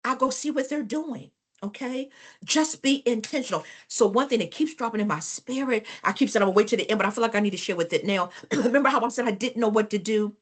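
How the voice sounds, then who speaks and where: A woman's voice: on the high side, fast. A woman trainer giving a live business workshop, telling stories with emphasis, repeating phrases and speaking directly to the class. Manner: animated, emphatic storyteller addressing the class.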